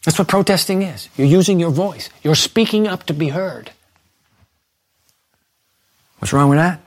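A man preaching a sermon, reading quotations aloud and urging his listeners with animated emphasis. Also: fairly high pitch, a little slow, dry recording. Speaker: pastor.

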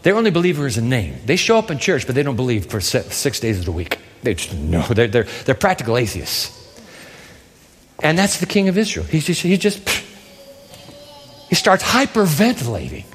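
A male pastor preaching a sermon with animated, theatrical storytelling. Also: medium pitch, moderate pace, breathy edge. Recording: long hall reverb.

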